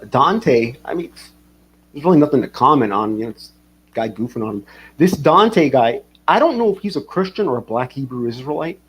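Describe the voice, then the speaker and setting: A man's voice: medium pitch, a little hiss or hum. A man hosting a livestream, rambling casually, swearing and reading chat comments aloud. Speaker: livestream host.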